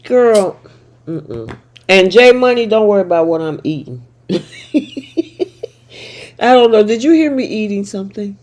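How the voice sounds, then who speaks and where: A woman's voice: mid-range voice, animated, measured pace, long pauses, darkish tone. A woman hosting a casual soap opera recap chat, talking playfully and laughing often. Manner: chatty and laughing, with playful asides.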